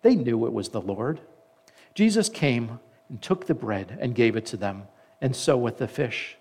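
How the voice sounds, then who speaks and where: A man preaching a sermon. He reads scripture aloud, slows down for the quoted lines, and stops now and then to comment. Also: medium pitch, lively intonation, a little mellow, breathy edge. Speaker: pastor.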